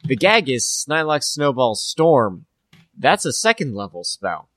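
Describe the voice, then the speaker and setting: A man's voice: medium pitch, very animated, a little slow, fairly bright tone, no room sound. A man co-hosting a podcast, chatting casually and sarcastically about tabletop game spells, with jokey asides and swearing. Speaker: podcast co-host.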